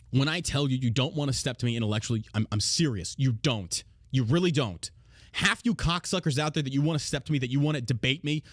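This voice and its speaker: A man's voice: on the high side, no room sound, studio quality. A man hosting a podcast, ranting casually with brash sarcasm and lots of swearing. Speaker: podcast host. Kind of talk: casual profane rant.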